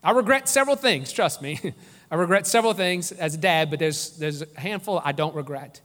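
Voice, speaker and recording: Man in his forties, pastor, high voice, preaching earnestly, lingering church-hall reverb. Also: lively intonation, a little fast, a bit bright. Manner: earnest, emphatic preaching with repeated phrases. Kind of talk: sermon. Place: church sanctuary.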